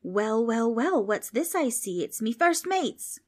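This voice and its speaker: A frightened young boy hamming up a swaggering pirate captain with a put-on pirate accent, as a woman reading a storybook voices him. His bluster comes out high-pitched and loud, much higher than the narration. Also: very animated, slow, exaggerated voice. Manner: blustering pirate bravado hiding nerves.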